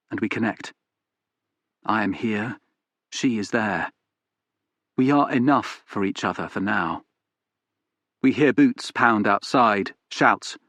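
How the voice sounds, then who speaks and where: A man reading a novel aloud in first person, in a measured, even storytelling manner. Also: fairly low pitch, no room sound. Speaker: audiobook narrator. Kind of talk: first-person scripted narration.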